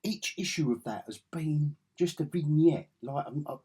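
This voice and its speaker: A man's voice: a little high, moderate pace, mellow, husky. An English man with an enthusiastic, rambling way of talking, reviewing comic books in a casual vlog. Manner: rambling, enthusiastic, self-correcting.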